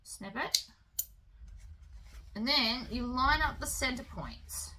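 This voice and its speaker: A woman hosting a sewing tutorial, talking through each step in a relaxed, chatty way with the odd um and uh. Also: high-pitched, takes it slowly, poor audio. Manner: relaxed, chatty instruction with fillers.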